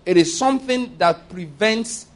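Emphatic higher-voiced male preacher. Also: animated, measured pace. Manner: emphatic call-and-response preaching, asks for amens. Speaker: pastor. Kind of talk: sermon.

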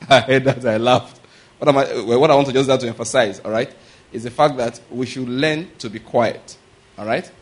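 A male preacher talks through his sermon in a loose, conversational way. He keeps checking whether the congregation is following, drifting into stories and chuckling along the way. His voice sits at an ordinary middle pitch. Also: steady tone, fairly quick, husky. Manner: checks in with "are you getting my point?" and "all right?"; chuckles and rambles into anecdotes.

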